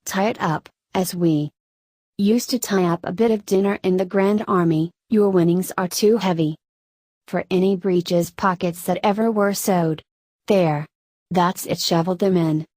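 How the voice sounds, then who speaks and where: A woman voicing a boisterous, flattering old male French ex-soldier with a hoarse voice, in an audiobook reading. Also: lowish voice, measured pace, dry recording. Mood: effusive. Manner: effusive, flattering, exclamatory.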